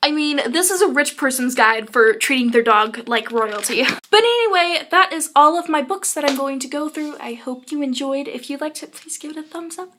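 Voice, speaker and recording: A woman's voice: high-pitched, a bit bright, slight background noise. A teenage girl with a bubbly, sarcastic, chatty manner, reviewing books in a casual vlog. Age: teens. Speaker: video blogger.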